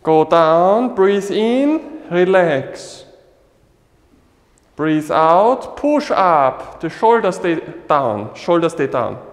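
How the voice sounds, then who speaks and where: A man with a fairly high voice guides a qigong class in short, simple English phrases, his first language Chinese. He speaks very slowly and calmly. His words ring through a reverberant hall. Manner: short slow instructions in simple non-native English. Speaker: qigong instructor. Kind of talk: guiding a live class.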